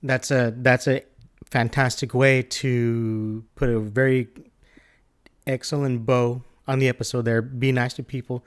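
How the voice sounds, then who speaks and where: A man hosting a podcast, wrapping up an interview in a calm, measured way. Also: mid-range voice, clean tone. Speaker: podcast host. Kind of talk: interview wrap-up.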